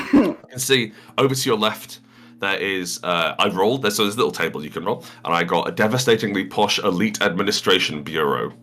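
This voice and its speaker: A man's voice: sits low, animated, a little fast, fairly bright tone. A man narrating as game master, improvising with hesitant restarts and frequent laughter.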